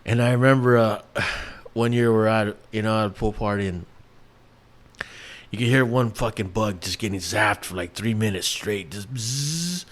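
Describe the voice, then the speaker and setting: A man's voice: on the low side, steady tone, moderate pace. A man in his thirties, from New York, hosting a casual solo podcast, rambling with lots of restarts and fillers and swearing freely. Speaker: podcast host.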